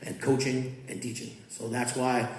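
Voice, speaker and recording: A man in his fifties, a coach and student teacher, speaking to students at a mid-range pitch. His delivery is relaxed and conversational, and it turns rhythmic when he recites poems. The sound is echoey, as if recorded in a school hall. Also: moderate pace, slight background noise. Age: 50s. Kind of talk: poetry reading and talk to students. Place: school auditorium or large classroom. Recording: echoey room.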